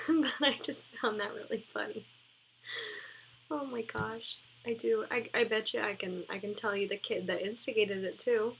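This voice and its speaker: Young woman, casual vlog chat, giggly, rambling, lots of "like", slightly high voice, faint background hiss. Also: fairly bright tone, rough recording. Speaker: cosplay vlogger. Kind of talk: casual chat reacting to old posts.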